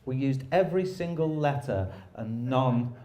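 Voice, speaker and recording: A man's voice: mid-range voice, unhurried, dark tone. A man telling rambling, self-deprecating stories in casual chat, laughing often.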